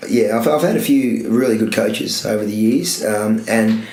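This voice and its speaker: A man's voice: on the low side, normal speed, a little mellow. A young man, a running coach, chatting casually on a podcast in a loose, rambling, self-correcting way. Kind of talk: casual chat. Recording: echoey room.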